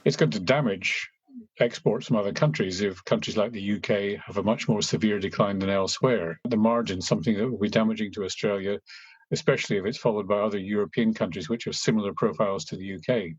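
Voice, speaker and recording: A man giving expert economic commentary in a news interview, rapid and analytical. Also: on the low side, breathy edge, no room sound, muffled recording.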